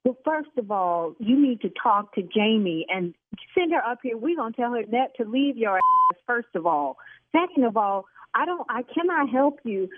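A woman salon owner, heard over a thin, phone-like line in a dry sound, argues with a caller. She is brash and quick to curse, her voice sitting slightly high. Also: expressive, no echo. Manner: brash, gets loud and cursing. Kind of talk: heated phone argument. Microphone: telephone.

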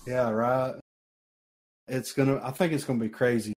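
Relaxed man who laughs a lot. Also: medium pitch, normal speed. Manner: relaxed, profane, laughs often. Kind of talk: casual chat.

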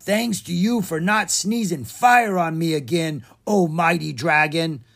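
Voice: medium pitch, a little slow, gravelly, a bit bright, pitched above the performer's own voice. A reader voicing a dim, hungry male ogre who cooks and speaks in broken, muddled grammar, in a children's storybook reading. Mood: panicked.

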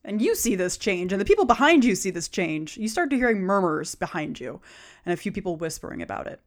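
A woman's voice: mid-range voice, very animated, fast. A woman narrating as game master of a tabletop game, casual with many fillers.

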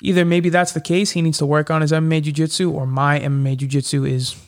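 A man with a slightly higher than usual voice talks casually in an interview. He is a fighter who tells his stories fast and loosely. He fills his sentences with casual fillers. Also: little pitch movement. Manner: chatty, quick storytelling with many fillers. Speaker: MMA fighter.

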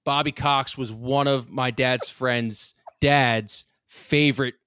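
A man's voice: mid-range voice, steady tone, takes it slowly, fairly bright tone, clean tone, dry recording, clean studio sound. A young man casually telling rambling anecdotes on a podcast, with restarts and laughs. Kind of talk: casual storytelling chat.

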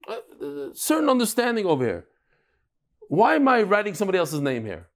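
A man teaching a daily Talmud class, telling stories and acting out voices in a lively, informal way. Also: sits high, a little fast. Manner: animated storytelling, mixes Aramaic and Yiddish terms.

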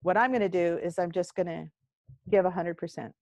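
A woman's voice: on the low side, fairly quick, no echo. An older woman, a singer-songwriter and courage coach, telling stories in a casual interview and acting out the voices she quotes. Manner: animated storyteller who acts out quoted voices.

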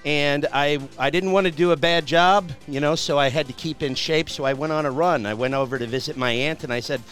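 A male radio host telling an animated personal story, with many restarts. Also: fairly high pitch, brisk, soft background music.

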